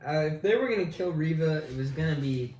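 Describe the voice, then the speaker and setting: A man co-hosting a casual review chat, animated and swearing often as he acts out scenes. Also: on the high side, quick pace, roomy sound, slight background noise, rough recording. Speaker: podcast co-host.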